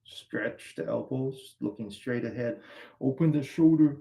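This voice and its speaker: A man guiding a qigong exercise class, calmly cueing each stretch and breath step by step. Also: medium pitch, a little slow. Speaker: qigong instructor. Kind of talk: guided exercise class instruction.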